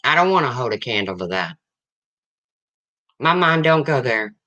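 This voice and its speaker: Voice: mid-range voice, big pitch swings, normal speed, pushed and bright, dull audio. A person in their fifties hosting a livestream, talking bluntly and answering viewers in the chat in a casual way. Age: 50s. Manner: blunt and frank, repeats points. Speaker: livestream host.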